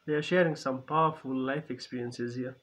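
A man's voice: medium pitch, fairly even intonation, normal speed, a bit bright, a little hiss or hum. A man giving casual reaction commentary on a film, chatty, laughing often and repeating phrases as he talks. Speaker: movie reaction reviewer.

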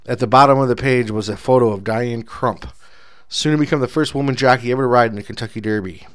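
Male audiobook narrator, dry and measured, low-key delivery. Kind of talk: audiobook narration of a first-person story.

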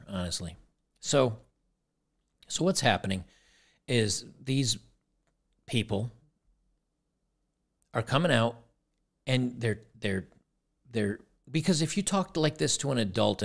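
A man's voice: on the low side, lively intonation, measured pace, creaky, long pauses. A man hosting a casual reaction commentary, rambling and repeating words, with sarcastic asides. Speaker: commentary channel host.

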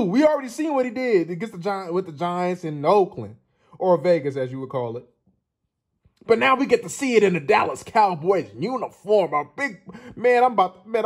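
Man, high voice, excitable sports host, emphatic film breakdown, laughs a lot. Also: moderate pace.

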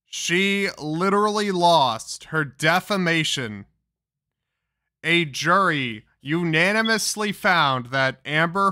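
A man's voice: on the high side, bright, forceful tone, no echo, studio quality. A man giving profane, mocking reaction commentary.

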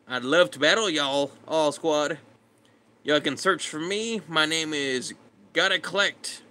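A man's voice: on the high side, sharp tone. A man casually chatting with his live stream viewers, laid-back and greeting them by name. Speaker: streamer reading chat.

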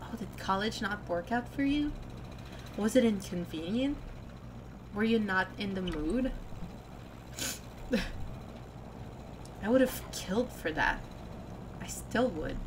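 A woman's voice: medium pitch, expressive, takes it slowly, pauses often, noisy background. A woman voicing a bitter young female crocodile who answers coldly and scornfully, read from a story game. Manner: cold, scornful, biting.

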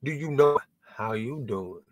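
A man's voice: medium pitch, expressive, measured pace, a little mellow. A man in his sixties hosting a comedy show, doing a loose, rambling, profane stand-up monologue. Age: 60s.

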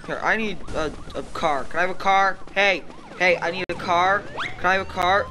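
A male gaming YouTuber giving excitable let's-play commentary, often shrieking and laughing at the game. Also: high voice, normal speed, background noise. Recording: game music playing loudly behind. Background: game music and sirens.

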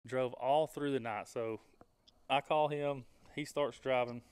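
A man hosting a casual podcast, telling a hunting story in a lively way and laughing as he goes. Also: medium pitch, measured pace, clear, resonant tone.

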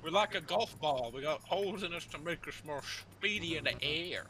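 A man's voice: on the high side, lively intonation, moderate pace, a crowd in the background. A man gaming with friends, rambling in goofy casual chat. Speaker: gamer.

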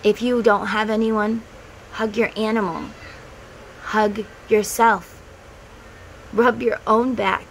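A woman's voice: medium pitch, steady tone, slow pace, vocal fry, long pauses, a little hiss or hum, rough recording. A middle-aged woman who runs a spiritual vlog, talking to viewers in a casual, heartfelt way. She gives earnest advice and speaks straight to the viewer. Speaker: tarot and spiritual vlogger.

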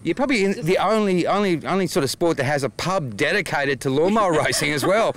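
A man's voice: on the high side, expressive, quick pace, fairly bright tone. An Australian man hosting a show, chatting in an enthusiastic, blokey way with guests. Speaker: host. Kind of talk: casual chat.

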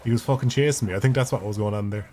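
A man's voice: lowish voice, racing, background noise. A man streaming a video game, giving casual, profane and rambling commentary with jokes as he plays. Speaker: gaming streamer.

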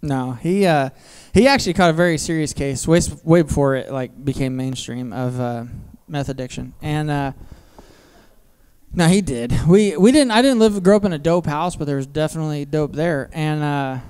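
A man in his thirties performing stand-up on a comedy theater stage, his voice smooth and clear through a handheld mic. He sits a little high for a man and tells filthy family stories in a flat, self-mocking way. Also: moderate pace. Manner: crude, deadpan storytelling with self-mocking asides.

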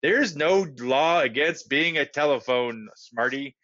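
A man voicing a proper, flustered middle-aged father who speaks in a lower, measured way, in a dull lo-fi recording. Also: animated, sharp tone. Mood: dry.

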